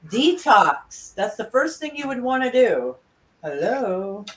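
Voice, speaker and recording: A woman's voice: fairly high pitch, sing-song, slow pace, a bit bright, a little hiss or hum. A woman in casual chat, speaking emphatically and indignantly. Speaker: participant in a group chat. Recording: distant from the mic.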